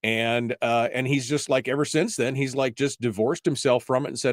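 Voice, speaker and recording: A man's voice: medium pitch, steady tone, moderate pace, dry recording, clean studio sound. A man hosting a political talk radio show, exasperated and emphatic, firing off rhetorical questions.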